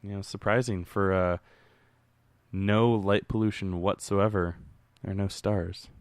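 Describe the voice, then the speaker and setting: A man's voice: sits low, steady tone, a little slow, no echo. A man co-hosting a casual movie commentary podcast, joking and rambling with many fillers. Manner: joking, rambling, laughs often. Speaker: podcast co-host.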